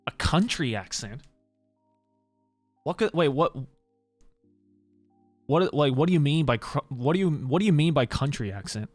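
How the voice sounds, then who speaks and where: A man's voice: fairly high pitch, animated, moderate pace, pauses often, no room sound, soft background music. An Australian man streaming and chatting casually, rambling with lots of fillers and restarts. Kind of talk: casual livestream chat.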